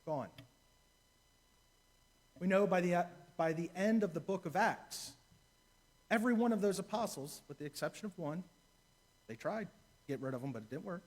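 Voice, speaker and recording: A man's voice: fairly high pitch, darkish tone. A man, a deacon, preaching a sermon in a church, telling a story and repeating key phrases for emphasis.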